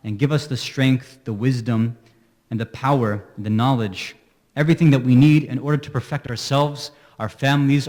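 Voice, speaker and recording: A man giving a religious sermon, telling a mournful story and rising into high, emotional wailing. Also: steady tone, normal speed, darkish tone. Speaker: speaker at an Islamic center. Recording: long hall reverb.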